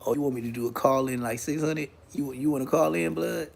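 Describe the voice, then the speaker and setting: Gravelly, laughing man on a livestream. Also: medium pitch, a little fast, slight background noise. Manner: laughs often, trash-talks the chat. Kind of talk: casual livestream chat.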